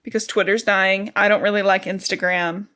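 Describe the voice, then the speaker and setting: A woman's voice: medium pitch, level tone, normal speed, pushed and bright. A woman co-hosting a book podcast, recapping the story in casual chat full of "like" fillers. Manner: chatty, peppered with "like" fillers. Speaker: podcast co-host.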